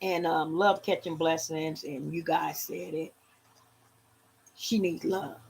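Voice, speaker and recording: A woman's voice: low-pitched, slow pace, creaky, a little hiss or hum. A woman in her fifties from Louisiana with a Southern accent, chatting casually to her viewers on a home livestream. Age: 50s. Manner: animated, talks straight to viewers as "y'all". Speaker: livestream vlogger.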